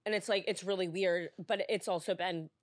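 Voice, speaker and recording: A woman's voice: fairly low pitch, steady tone, moderate pace, no echo. A young woman co-hosting a podcast, rambling in casual chat with lots of restarts, close to tears. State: tearful, on the edge of crying. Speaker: podcast co-host. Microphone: podcast studio mic.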